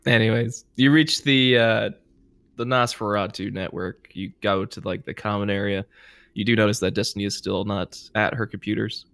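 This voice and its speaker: Low, gravelly-voiced man running a tabletop game. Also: steady tone, moderate pace, fairly bright tone, dry recording. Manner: casual, hesitant, filler-heavy. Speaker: game master.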